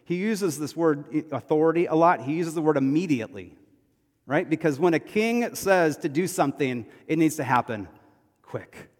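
A male pastor delivering a sermon, emphatic, moving between loud declarations and hushed, quiet passages. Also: on the high side, lively intonation, normal speed. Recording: long hall reverb.

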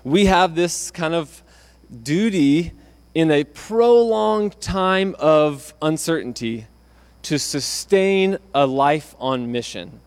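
A male pastor delivering a sermon in a relaxed, conversational style. His voice sits a little on the high side, and he often repeats a word as he restarts a phrase. He acts out the lines of the people he is quoting. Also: slow. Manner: conversational preaching with restarts, acting out quotes.

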